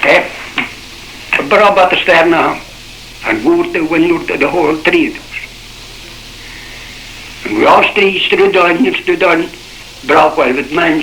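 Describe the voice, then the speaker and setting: A man's voice: fairly high pitch, sharp tone, slight background noise. An older man with a Shetland accent recounting his memories in oral-history style, rambling in dialect with many restarts, on a roomy old cassette recording. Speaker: shipwreck survivor.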